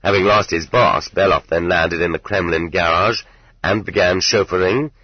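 A man narrating an audiobook in measured, even storytelling. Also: low voice, husky, no room sound, dull audio. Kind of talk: scripted narration.

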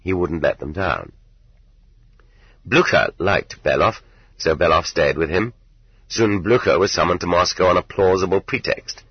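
A man narrating an audiobook in measured, even storytelling. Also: low voice, slightly rough, no room sound, muffled recording. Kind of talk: scripted narration.

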